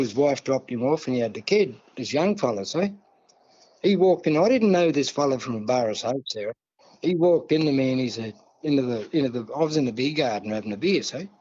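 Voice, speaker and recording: A man's voice: mid-range voice, a little mellow, breathy edge. Australian man, casual yarn-spinner who swears freely, recorded on dull, muffled audio. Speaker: podcast guest. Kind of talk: casual storytelling.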